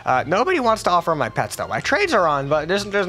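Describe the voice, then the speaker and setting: A young man commenting on his gaming live, rambling and joking with sudden excited squeals. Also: high-pitched, fast, few pauses. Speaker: gaming YouTuber.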